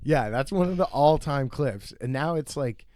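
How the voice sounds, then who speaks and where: A man's voice: mid-range voice, animated, normal speed, darkish tone, no room sound, clean studio sound. A young man co-hosting a casual podcast, laughing often and slipping into mimicked voices. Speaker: podcast co-host. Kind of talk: casual chat. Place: green room.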